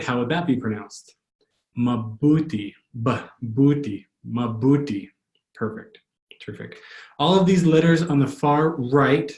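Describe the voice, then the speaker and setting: A male language tutor giving a pronunciation lesson, patiently repeating words slowly. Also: medium pitch, a little mellow. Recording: echoey room.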